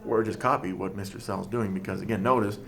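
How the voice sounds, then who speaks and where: A man teaching a coding class over a screen recording, talking through each step in a relaxed, thinking-aloud way. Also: on the low side, quick pace, vocal fry, noisy background.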